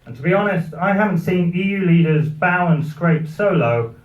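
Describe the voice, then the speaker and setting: A man's voice: high voice, expressive, moderate pace. A British man giving a satirical comic speech at a party, with a dry, ironic delivery. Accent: British English. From Britain. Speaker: after-dinner speaker. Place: party venue with live audience. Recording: roomy, distant, muffled live recording.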